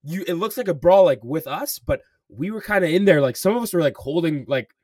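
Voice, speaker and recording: A man's voice: on the high side, expressive, a little fast, a little mellow, no room sound, studio quality, distant mic. Rambling young man, slangy and profane. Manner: swears a lot, says "bro" and "like" constantly. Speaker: podcast co-host. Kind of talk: casual storytelling chat.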